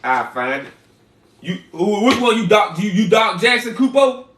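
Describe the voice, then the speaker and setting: A man's voice: high-pitched, very animated, moderate pace, fairly bright tone, reverberant, distant mic, a little hiss or hum. A man chatting casually on a livestream, reading out viewer names and repeating himself in loose slang.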